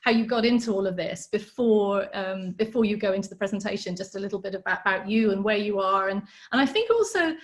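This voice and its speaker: A woman's voice: medium pitch, expressive, fast talker, few pauses. A woman hosting an interview and introducing her guest, chatty and conversational, with frequent ums and restarts. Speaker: host.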